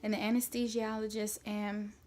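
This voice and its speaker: A woman vlogger telling a personal story in a chatty, animated way, with lots of fillers. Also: medium pitch, moderate pace. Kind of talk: storytime vlog.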